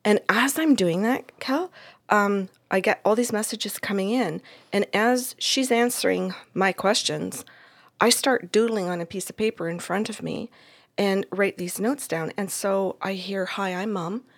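A woman telling a story from a client session in a casual, animated way, acting out the voices in it and laughing often. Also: medium pitch, unhurried.

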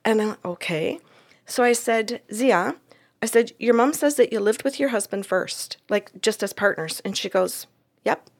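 A woman telling a story from a client session in a casual, animated way, acting out the voices in it and laughing often. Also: on the high side, measured pace.

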